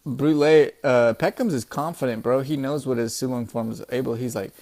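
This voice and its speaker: Excitable young man, casual and profane. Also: medium pitch, normal speed, hardly any pauses. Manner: excitable, profane, peppered with "bro". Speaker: manga chapter reviewer. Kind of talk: casual recap and commentary.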